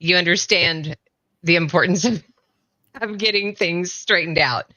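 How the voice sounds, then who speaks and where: A woman's voice: fairly low pitch, a little slow, pushed and bright, no echo. A middle-aged woman hosting an interview, chatty and rambling as she asks her questions. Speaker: interview host. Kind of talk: conversational interview.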